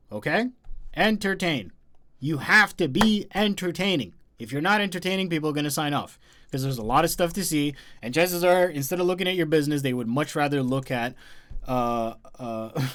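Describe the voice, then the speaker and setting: A man hosting a live marketing session, talking emphatically and repeating his key points with big swings in loudness. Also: on the high side. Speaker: host.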